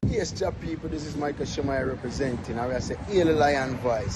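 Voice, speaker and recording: A man declares a station ID in patois, with a slightly raised pitch. He is recorded outside in the city, and loud traffic and street noise compete with his voice. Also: normal speed. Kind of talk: spoken station ID.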